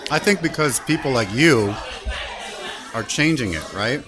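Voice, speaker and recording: A man's voice: mid-range voice, unhurried, a crowd in the background, noisy background. A man from Canada hosting a casual interview chat, telling stories and acting out quoted dialogue. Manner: animated storyteller, acts out quoted dialogue. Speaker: talk show host.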